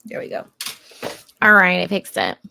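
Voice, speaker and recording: A woman's voice: lowish voice, very animated, moderate pace, creaky, sharp tone, dry recording, studio quality. A young adult woman hosting a casual livestream, chatting with viewers and laughing often. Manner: chatty with lots of fillers. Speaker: livestream host. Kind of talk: casual live chat with viewers.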